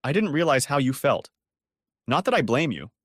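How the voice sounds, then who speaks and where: A man's voice: medium pitch, sing-song, moderate pace, slightly rough, no echo, clean studio sound, voice pushed up. A man voicing a worried, indignant woman who urgently pleads with a friend to help, in a storybook audio reading. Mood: earnest.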